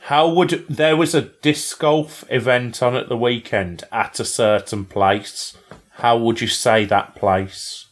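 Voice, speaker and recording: A man's voice: medium pitch, fairly even intonation, takes it slowly. A British man, co-hosting a casual chat, teasing and full of tag questions. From Britain. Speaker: podcast co-host.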